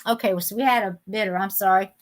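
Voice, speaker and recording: A woman's voice: mid-range voice, steady tone, fast talker. A middle-aged woman, chatting with viewers by name while hosting a live sale, indignant and talkative. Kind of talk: casual live-stream chat.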